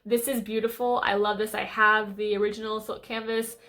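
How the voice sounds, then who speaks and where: A woman's voice: medium pitch, little pitch movement, brisk, fairly bright tone. A young woman beauty vlogger chatting casually and gushing enthusiastically about her favorite makeup. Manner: gushing, enthusiastic, lots of fillers and restarts.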